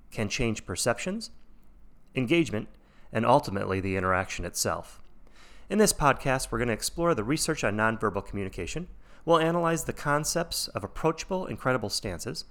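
A man hosting an instructional podcast, speaking in a measured, deliberate way that shows off his intonation. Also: medium pitch, fairly bright tone. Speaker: podcast host.

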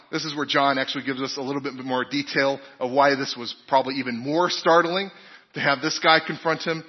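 A man's voice: medium pitch, husky. A man preaching a sermon in a conversational way, asking the congregation questions and telling personal stories. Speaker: pastor. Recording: dull recording with long hall reverb.

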